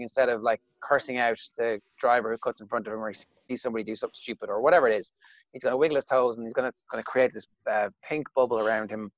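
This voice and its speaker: A fast-talking man hosts a podcast and rattles through anecdotes. The recording is dry and a bit dull, with no room sound. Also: mid-range voice, no echo. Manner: quick and chatty, recounting anecdotes. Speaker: podcast host. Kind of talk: casual chat.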